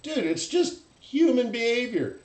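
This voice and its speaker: A man hosting a live trading stream, talking bluntly and animatedly and mocking traders in loud put-on voices. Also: extremely high pitch, sing-song, unhurried, roomy sound, rough recording. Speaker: forex trading host. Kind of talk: live-stream market commentary.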